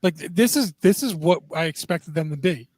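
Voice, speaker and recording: A man's voice: fairly high pitch, animated, a little fast, a little mellow, no room sound. A man co-hosting a casual sports podcast, skeptical and full of pointed questions. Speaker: podcast co-host.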